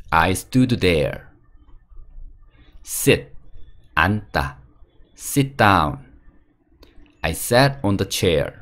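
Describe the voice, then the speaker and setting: A man teaching English vocabulary, reading each word, its meaning and example sentences in a steady drill. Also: sits low.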